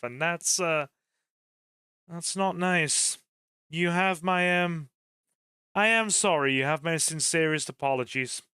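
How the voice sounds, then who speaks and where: A man chatting casually to viewers while streaming a game, rambling warmly and bursting into excited cheers. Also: high voice, clean tone, dry recording, clean studio sound. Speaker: gaming streamer. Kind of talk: casual live-stream chat over gameplay.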